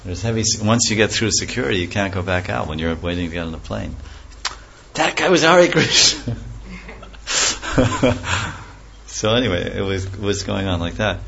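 A man telling a scripture story as a lecture, animated, acting out characters' voices and laughing often. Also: on the low side, normal speed, vocal fry, long pauses, slight background noise. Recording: dull lo-fi recording with faint ambience.

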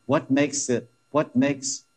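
A man's voice: mid-range voice, flat delivery, slow. A man teaching a scripture class, retelling a story with laughing asides and frequent restarts. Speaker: religious teacher.

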